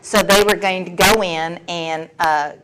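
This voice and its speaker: A woman's voice: on the low side, steady tone, unhurried, fairly bright tone, low-quality recording. Wry woman in her sixties telling her story. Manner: candid, wry, laughs often through the story. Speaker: speaker sharing at a recovery meeting. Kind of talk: personal storytelling talk. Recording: recording with clear background noise.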